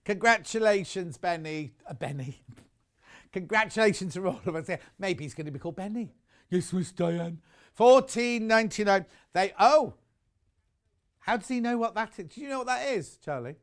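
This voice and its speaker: A man's voice: high voice, animated, moderate pace. A man presenting on a live shopping channel, chatty and enthusiastic, rambling into personal asides between prices.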